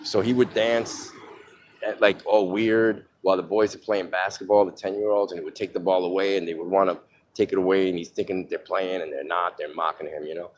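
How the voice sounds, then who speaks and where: Low-voiced man telling rough street stories. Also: fairly even intonation, a little fast, slight background noise. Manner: rambling, profane, with many fillers; earnest, gives blunt advice to listeners. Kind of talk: candid personal storytelling monologue.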